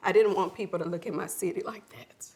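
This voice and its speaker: A woman's voice: lowish voice, steady tone, quick pace, a little mellow. Woman telling her story. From Memphis, Tennessee. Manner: reflective storyteller. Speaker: guest. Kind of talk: interview.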